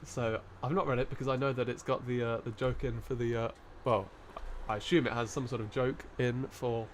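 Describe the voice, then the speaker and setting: A man's voice: mid-range voice, fairly even intonation, brisk, a little hiss or hum. A man hosting a live stream and chatting in a rambling, easygoing way, often breaking into laughter. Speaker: coin-hunting live streamer. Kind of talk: casual live-stream chat.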